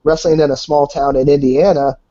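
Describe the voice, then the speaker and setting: A man telling wild stories on a podcast, animated and swearing freely. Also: fairly high pitch, a little fast, dry recording. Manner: animated, swears, acts out voices in anecdotes. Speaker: podcast guest. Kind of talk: casual storytelling. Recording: dull lo-fi podcast audio.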